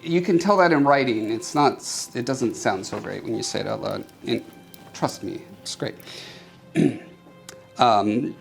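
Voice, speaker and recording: A man's voice: mid-range voice, measured pace, gravelly, soft background music. A man playfully narrating a crafting video and reading a short story aloud, joking as he goes. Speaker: maker YouTuber.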